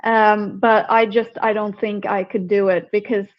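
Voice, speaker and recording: A woman's voice: mid-range voice, level tone, unhurried, highs cut off. Chatty Swedish-accented woman on a call. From Sweden. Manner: chatty, self-interrupting, laughs easily. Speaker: guest, herpetologist and venomous snake keeper. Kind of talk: casual remote interview.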